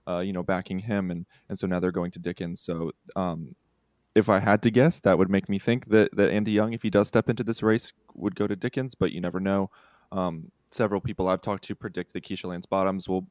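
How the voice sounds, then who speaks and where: A man reporting on a podcast, talking in a measured way with frequent fillers. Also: sits low, a little mellow, dry recording, studio quality. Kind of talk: casual news podcast discussion.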